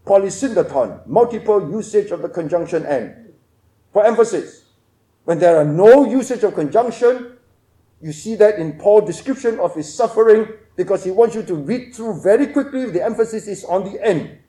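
High-voiced man preaching in an echoey room. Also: animated, normal speed. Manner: emphatic, varies between loud and hushed. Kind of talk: expository sermon.

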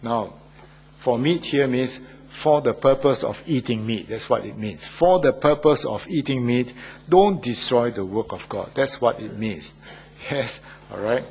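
Older man preaching a sermon, husky. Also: mid-range voice, measured pace, darkish tone. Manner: earnest, asks the listeners questions. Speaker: church elder preaching. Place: Australia.

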